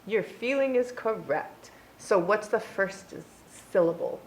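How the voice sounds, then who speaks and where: A woman's voice: medium pitch, lively intonation, a little slow. A woman helping a student through a reading lesson. She asks questions and encourages the answers. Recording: echoey room with faint noise.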